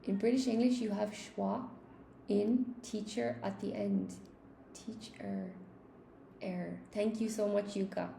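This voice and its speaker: A woman's voice: mid-range voice, fairly even intonation, measured pace, creaky, dark tone, slight background noise. A woman English teacher on a live-stream lesson, chatting with viewers, thinking aloud and thanking them by name. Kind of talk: live-stream lesson, reading and answering chat. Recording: roomy echo.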